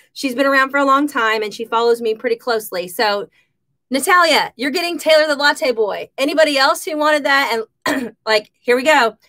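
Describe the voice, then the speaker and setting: A woman hosting a casual live stream from her home kitchen, chatting and shouting out viewers by name. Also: on the high side.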